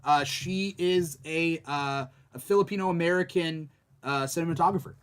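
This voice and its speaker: A man on a podcast calmly adding a point, with some filler words. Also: on the high side, moderate pace, clean tone. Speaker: podcast host. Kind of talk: casual podcast chat.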